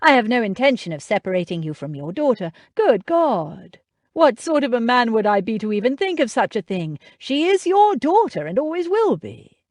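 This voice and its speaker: A woman reading the part of a warm, earnest young nobleman who speaks tenderly, in a dry close recording. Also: big pitch swings, normal speed, dry recording. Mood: reassuring. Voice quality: deep voice.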